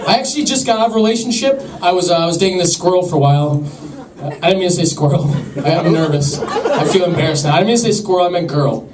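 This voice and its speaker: A young man doing a stand-up comedy set with an awkward, deadpan, self-deprecating delivery to a laughing crowd. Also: sits high, quick pace. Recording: echoey club from far off.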